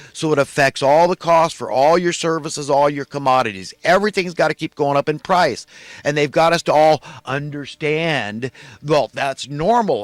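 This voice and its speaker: A man's voice: on the high side, dry recording. A man delivering an impassioned, indignant monologue, ranting and repeating himself as he builds his points. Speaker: online commentator.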